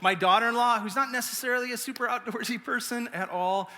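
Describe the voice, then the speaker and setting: A middle-aged man giving a sermon as pastor, telling stories in an animated, self-mocking way. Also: extremely high pitch, fast talker. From United States. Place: large church auditorium. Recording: long reverb of a church hall.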